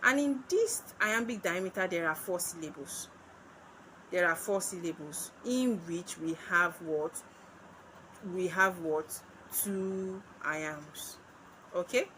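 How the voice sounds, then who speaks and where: A woman's voice: fairly low pitch, a bit bright, a little hiss or hum, low-quality recording. A Nigerian woman teaching literature for exams, repeating key points and asking questions that she answers herself. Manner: slow, repetitive, asks and answers own questions. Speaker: literature tutor. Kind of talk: exam-prep lesson.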